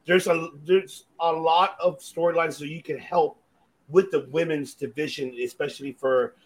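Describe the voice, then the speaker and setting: A man co-hosting a casual podcast, relaxed and agreeable. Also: on the high side, normal speed, poor audio. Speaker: podcast co-host.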